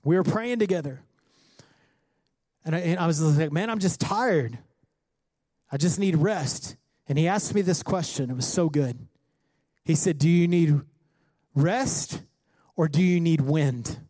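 Impassioned high-voiced male pastor. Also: a little slow, pauses often, no echo. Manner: impassioned preaching, rising to near-shouts when quoting scripture. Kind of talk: sermon.

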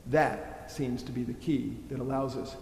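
A man preaching a sermon in a church, emphatic and animated, asking the congregation rhetorical questions. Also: medium pitch, normal speed, vocal fry, a little hiss or hum. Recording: echoey church hall.

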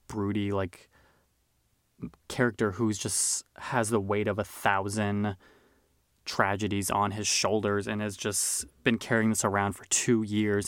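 Clean studio sound with no room echo carries a man's lowish voice. He hosts a podcast reviewing films, keeping things chatty, filler-heavy, and enthusiastic in a casual conversation.

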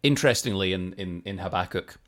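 Guy with a deep voice chatting thru bible facts, laid back, chuckles a lot. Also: brisk, a bit bright. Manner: thoughtful, self-deprecating, laughs easily. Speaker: podcast co-host. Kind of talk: casual chat and Bible teaching.

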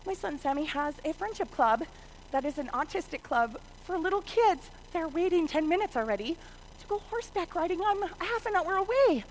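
A middle-aged woman telling a personal story as a mother, acting out voices and swinging from shouted lines to hushed ones. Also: high-pitched, animated, a little fast, a little hiss or hum, low-quality recording. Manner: dramatic, acts out voices, shifts from shouting to hushed.

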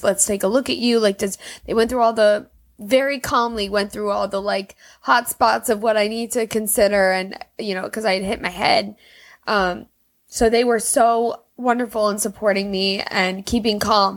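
A young woman tearfully telling a personal story in a casual, rambling way, full of fillers. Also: fairly high pitch. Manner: rambling, emotional, heavy use of "like".

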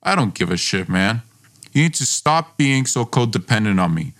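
A man's voice: medium pitch, very animated, moderate pace, a bit bright. A man reading the lines of a hot-tempered, domineering young man in a story podcast, blunt, scornful and swearing. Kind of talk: read dialogue in a story podcast.

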